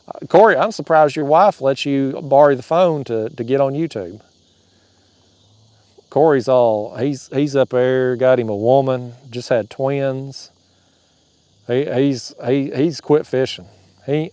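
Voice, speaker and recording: A man with a drawl talks on a fishing livestream from his kayak, reading out comments and cracking jokes. His voice sits at an ordinary pitch and sounds dry and close, with crickets and insects buzzing outdoors at night. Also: a little mellow, dry recording. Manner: drawling, joking, laughs at his own jokes.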